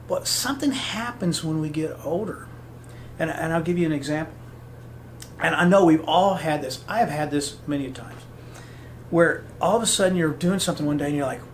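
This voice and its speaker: A man's voice: fairly high pitch, normal speed, a little hiss or hum. A man hosting a podcast, giving a motivational talk and acting out the voices he quotes. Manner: animated, acts out quoted voices. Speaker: podcast host.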